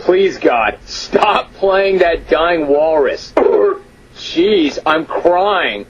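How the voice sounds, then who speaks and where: A man hosting a radio sports talk show, reading listener emails aloud with amused disbelief and drawn-out emphasis. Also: fairly high pitch, expressive, breathy edge, muffled recording. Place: radio studio.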